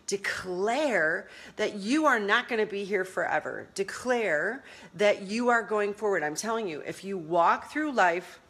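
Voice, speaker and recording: Middle-aged woman, lively motivational vlogger, chats on the move with her phone, laughs a lot, acts out quotes big. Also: mid-range voice, measured pace, few pauses, breathy edge. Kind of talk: casual live-stream talk.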